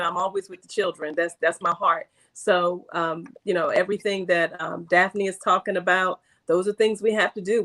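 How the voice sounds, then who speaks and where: A woman's voice: mid-range voice, a bit bright. A woman, a guest on a podcast, speaking earnestly with some hesitant fillers. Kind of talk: casual discussion.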